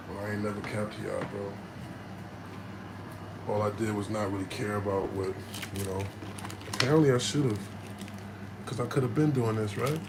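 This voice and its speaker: A man's voice: on the low side, gravelly, reverberant, background noise. A man, a battle rapper, chatting casually with fans in a slangy, profane, rambling way that swings between hyped and subdued. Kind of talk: casual live chat with fans.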